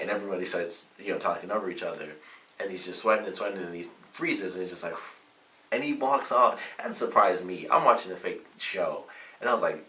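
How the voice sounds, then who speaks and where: A man's voice: deep voice, a little fast, sharp tone, far from the mic. A man giving a casual, rambling spoken review of a TV episode, full of fillers. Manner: rambling, chatty recap with many fillers. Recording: echoey room, away from mic, faint hiss.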